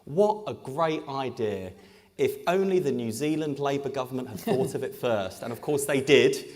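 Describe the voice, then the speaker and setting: A man's voice: medium pitch, animated, normal speed, darkish tone. A man, an English politician, speaking in a live on-stage conversation with punchy, joking delivery. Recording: echoey hall with long reverb.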